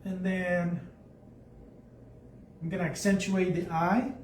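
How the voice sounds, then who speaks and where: An art instructor leads a live painting tutorial, chatting and thinking aloud as he paints, his high voice flat and slow. The room is echoey, with a distant mic and faint background noise.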